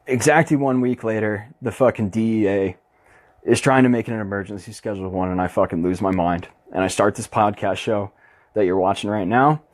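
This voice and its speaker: A man's voice: lowish voice, a little fast, no room sound. A young man hosting his own podcast, ranting bluntly and passionately with constant swearing in a casual monologue. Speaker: podcast host.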